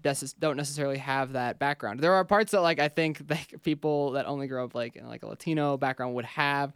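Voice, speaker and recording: A man's voice: medium pitch, fairly quick, a bit bright, clear, resonant tone, no echo, studio quality. A man co-hosting a casual chat about films, blunt and opinionated, telling stories animatedly with lots of fillers. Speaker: podcast co-host.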